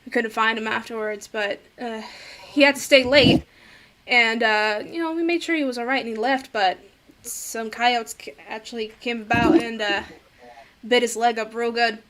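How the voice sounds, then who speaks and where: A woman voicing a gruff, crude, middle-aged male small-town cop who swears and grumbles. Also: fairly high pitch, steady tone, moderate pace, a bit bright, slight background noise, close to an everyday voice. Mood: explaining.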